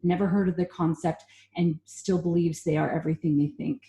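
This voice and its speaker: A woman in her thirties hosting a podcast, asking thoughtful, measured questions in casual interview chat. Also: fairly low pitch, steady tone, dark tone, reverberant. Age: 30s. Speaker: podcast host.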